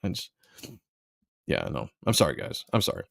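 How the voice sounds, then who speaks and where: A man's voice: a bass voice, huge pitch swings, moderate pace, gravelly, dry recording, studio quality. A man hosting a live stream, giving blunt, sarcastic commentary and reading viewer comments aloud. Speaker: live show host.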